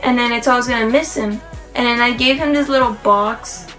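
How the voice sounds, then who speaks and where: A woman vlogs in a gushing, rambling way, piling up "like" and restarts as she tells her story. Her voice is bright and a touch high, and faint music plays behind her. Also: a little fast, poor audio. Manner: excited, rambling, gushing, heavy use of "like". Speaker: vlogger. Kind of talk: casual storytelling to camera.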